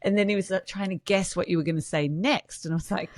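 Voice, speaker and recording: A woman's voice: medium pitch, fast, dry recording, clean studio sound. A woman with an Australian accent hosting a podcast interview, laughing often as she tells a story. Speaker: podcast host. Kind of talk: casual interview chat.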